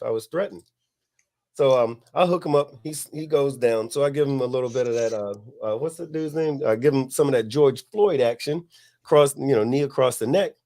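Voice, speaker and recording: A man's voice: medium pitch, dark tone. Laid-back man telling a rowdy story. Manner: laid-back, profane, laughs at his own story. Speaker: podcast host. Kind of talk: casual storytelling.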